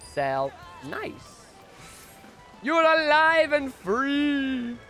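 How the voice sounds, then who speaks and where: A young man chatting casually on a live stream, excitable and prone to loud bursts of enthusiasm. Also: sits high, gravelly.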